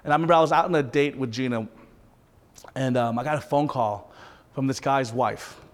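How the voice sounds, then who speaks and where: A man preaching a sermon as a pastor, impassioned, swinging between intense peaks and soft, hushed asides. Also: medium pitch, brisk. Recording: long reverb of a large hall.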